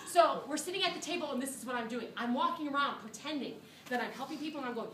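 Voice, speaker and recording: A woman microbiology teacher telling a funny story to her class, animated and laughing as she acts out what people said. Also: high voice, quick pace, hardly any pauses, background noise. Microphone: phone camera from a student's seat. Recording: echoey classroom filmed from far off.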